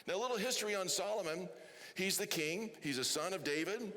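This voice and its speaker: A man's voice: high voice, fast, sharp tone, in a large hall. A man preaching a sermon as pastor, chatty and often asking the congregation questions. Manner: chatty, asks the crowd questions. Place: church hall.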